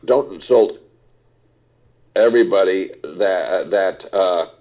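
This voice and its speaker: The audio is dull, and the older actor's voice comes through low-pitched and slow. As an interview guest he talks casually, rambling through lively stories with plenty of "uh"s.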